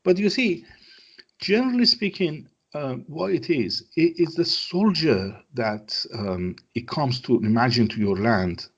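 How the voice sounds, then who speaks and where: A man's voice: medium pitch, lively intonation, unhurried, slightly rough, highs cut off. A man from Iran, a guest in an interview, speaking emphatic English that is not his first language and repeating his phrases. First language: Persian. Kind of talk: conversational interview.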